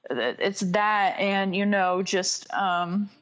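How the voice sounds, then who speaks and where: A woman's voice: medium pitch, little pitch movement, dull audio. A woman with a Southern accent from North Carolina chats on a podcast in a loose, rambling way. She stops and restarts often, threading her thoughts with fillers. Her voice sits in a middling register. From North Carolina, USA. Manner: rambling and halting, full of "like" and "um". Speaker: podcast guest. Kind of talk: casual podcast chat.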